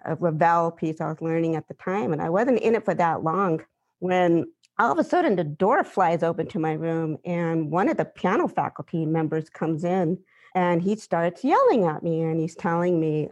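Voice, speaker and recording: A woman composer on a panel, telling a personal story in an animated, vivid way. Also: fairly low pitch, normal speed.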